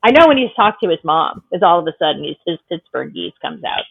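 A woman's voice: lowish voice, big pitch swings, fast, gravelly, slightly rough. Woman podcast host on a tinny line. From Boston. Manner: friendly, laughs often between remarks. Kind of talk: casual conversational interview. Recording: tinny phone-line sound.

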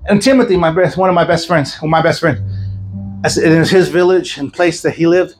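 A man with a notably high voice delivers an animated sermon as an evangelist at a healing service. He tells his story with quick laughs and sudden shouted praise. Soft music plays faintly behind him. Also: low-quality recording. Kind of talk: sermon told as a lively story. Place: church service before a congregation.

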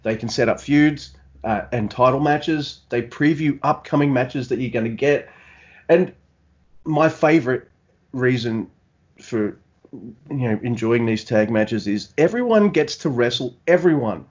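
A man co-hosting a podcast, talking in a relaxed, rambling way. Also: mid-range voice, unhurried, husky, dull audio. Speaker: podcast co-host. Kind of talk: casual chat.

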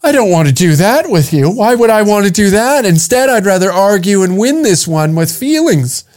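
Man mocking a self-pitying woman who argues by feelings, pitched high and pleading. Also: big pitch swings, moderate pace, darkish tone. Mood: whiny. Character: whiny woman arguing with her feelings.

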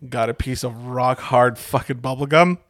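A man's voice: medium pitch, fairly even intonation, moderate pace, a bit bright, no room sound, studio quality. Laid-back, swearing man in casual chat. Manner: laid-back storytelling, swears freely, laughs often. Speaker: podcast co-host.

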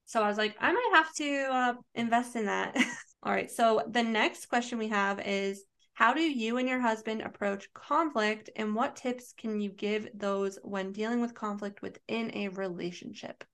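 A woman's voice: mid-range voice, steady tone, moderate pace, a bit bright. A woman co-hosting a podcast who reads out listener questions and chats earnestly. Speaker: podcast co-host. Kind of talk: casual chat.

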